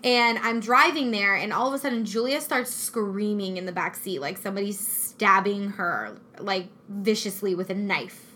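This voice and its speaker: A woman's voice: medium pitch, normal speed, slight background noise. A young woman telling a personal story in casual chat, acting out what people said. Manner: animated storytelling, acting out quotes.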